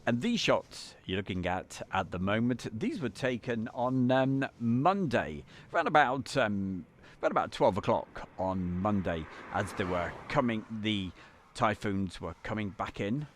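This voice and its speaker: A man's voice: fairly low pitch, expressive, a little slow, slight background noise. A man hosting a live stream from an editing van, chatting and greeting viewers by name. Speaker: livestream host.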